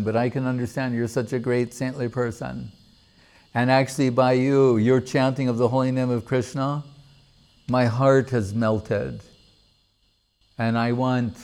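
A man's voice: medium pitch, a little mellow, natural voice. A man voicing a repentant courtesan who pleads tearfully in a told story. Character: repentant young courtesan, once scheming.

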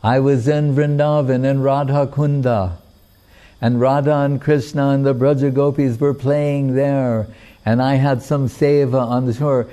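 A man voicing a weeping holy man who laments a lost vision, his voice lifted higher and pleading. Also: steady tone, a little slow, mellow, lightly acted. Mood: lamenting.

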